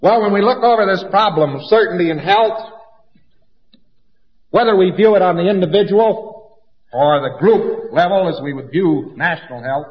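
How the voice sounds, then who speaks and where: A man's voice: high-pitched, normal speed. A man giving a lecture in an emphatic, folksy way and acting out little anecdotes. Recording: dull lo-fi recording in a reverberant hall.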